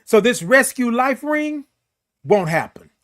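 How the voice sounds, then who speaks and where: A man's voice: very high-pitched, sing-song, unhurried, a bit bright. A middle-aged man hosting a morning live show, giving an emphatic, preachy pep talk that repeats key phrases and reads viewer comments.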